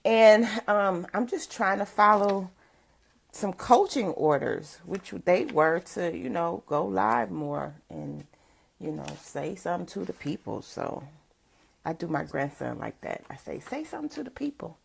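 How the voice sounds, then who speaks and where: On a relaxed livestream, an older woman who works as a motivational speaker chats away, greeting viewers by name and laughing frequently. Her lowish voice has a rough morning quality, and she speaks a little slowly.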